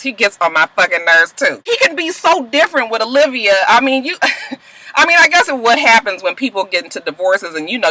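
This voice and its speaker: A woman's voice: sits low, sharp tone, rough recording. Sassy, profane young woman vlogger. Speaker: vlogger recapping TV episodes. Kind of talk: casual TV recap vlog.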